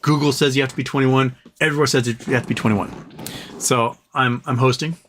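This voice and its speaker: A man's voice: medium pitch, fairly even intonation, fairly quick, a bit bright, a little hiss or hum. A man hosting a live show, telling stories casually in a rambling, profane way and repeating phrases for effect. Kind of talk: casual storytelling.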